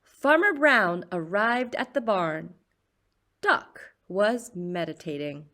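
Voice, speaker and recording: A woman reading a children's picture book aloud in a slow, expressive storyteller's voice. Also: medium pitch.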